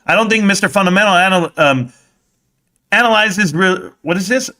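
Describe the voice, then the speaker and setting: A man with a high, bright, forceful voice hosts a live stream about stocks. He sounds heated and combative, firing back at people in his chat. His delivery is punchy and confrontational throughout. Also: normal speed.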